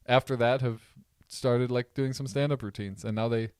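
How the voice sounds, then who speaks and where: A young man from the American Midwest with a Midwest accent, co-hosting a podcast in relaxed, rambling casual chat. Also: medium pitch, moderate pace, smooth, no room sound, studio quality. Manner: relaxed, rambling, laughs often. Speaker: podcast co-host.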